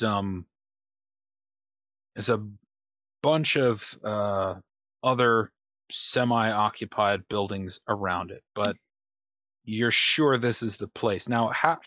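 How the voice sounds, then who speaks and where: A man narrating as game master of a tabletop game, unhurried, with many fillers and casual swearing. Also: fairly low pitch, a bit bright, no echo.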